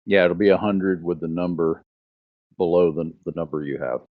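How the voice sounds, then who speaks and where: Deep-voiced man running a tabletop game. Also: no echo. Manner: laid-back, halting scene description. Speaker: game master. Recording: muffled lo-fi audio.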